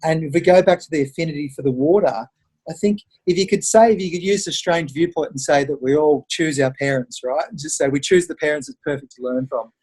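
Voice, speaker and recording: A middle-aged man with an Australian accent, his voice fairly high for a man and noticeably husky. He talks through his stories in a lively, conversational way and acts out the voices of the people in them. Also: a little fast. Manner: animated storyteller who acts out quoted voices. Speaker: podcast guest. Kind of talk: conversational interview storytelling.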